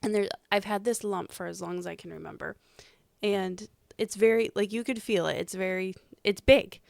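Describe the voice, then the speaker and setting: Woman with a creaky, smooth voice. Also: medium pitch, fairly even intonation, moderate pace, dry recording. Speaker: podcast co-host. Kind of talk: casual chat.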